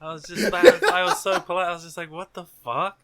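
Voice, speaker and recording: A young man co-hosting a podcast in laid-back casual chat, swearing freely and quick to laugh. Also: high voice, little pitch movement, a bit bright, clean tone. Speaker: podcast co-host.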